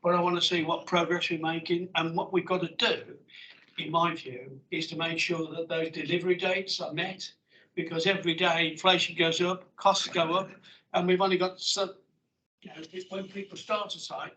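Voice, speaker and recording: A man chairing a formal board meeting, brisk and plain-spoken, with joking asides. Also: fairly high pitch, bright, forceful tone, slight background noise, poor audio.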